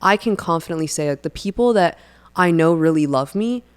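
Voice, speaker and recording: Animated young woman telling faith stories. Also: on the low side, a little fast, clear, resonant tone. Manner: animated storyteller who acts out friends' lines. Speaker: podcast co-host. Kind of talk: casual faith chat.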